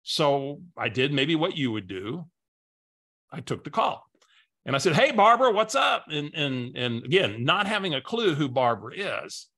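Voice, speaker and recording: Guy coaching on a webinar, bright voice, tells a story, repeats words a lot. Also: medium pitch, animated, normal speed. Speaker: business coach.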